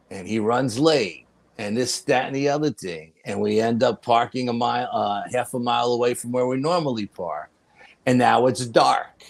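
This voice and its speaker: A man as a podcast guest, telling a personal story in a casual, animated way. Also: mid-range voice, creaky. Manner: animated, profanity, laughs while telling.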